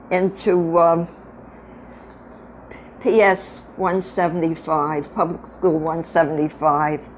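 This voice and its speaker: A woman's voice: lowish voice, darkish tone, a little hiss or hum. An older woman in her eighties with a Brooklyn accent, telling her family stories from her girlhood in a frank, reminiscing way. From upstate New York. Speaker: grandmother telling her life story. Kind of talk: casual storytelling to family.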